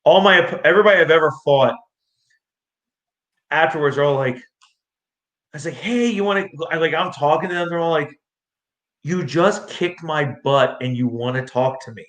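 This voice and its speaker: A young man with a fairly high voice tells his stories in a rambling, excitable rush, jumping into what others said as he goes. He is recorded in an echoey room. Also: normal speed, pauses often. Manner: excitable, rambling, acts out quotes. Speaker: guest, amateur street fighter. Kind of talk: casual storytelling interview.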